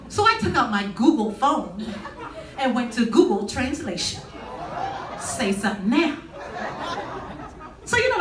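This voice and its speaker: Stand-up woman comic, high and animated, live audience noise around her. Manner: sassy, conversational, teases the audience. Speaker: comedian. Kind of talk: stand-up comedy set. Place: stage before a live audience in a large hall. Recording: echoey hall with crowd noise, mic at a distance.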